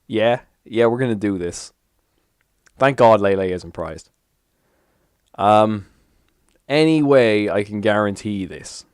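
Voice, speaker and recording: A young man giving casual, animated commentary as he plays a card game on his channel, swearing and mocking himself. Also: on the low side, slow pace, pauses often, smooth, dry recording, clean studio sound. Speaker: gaming YouTuber.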